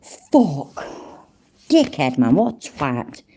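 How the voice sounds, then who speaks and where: A woman's voice: low voice, big pitch swings, extremely slow, dark tone, husky. A woman hosting a reaction video, furiously ranting and swearing nonstop. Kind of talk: angry reaction commentary.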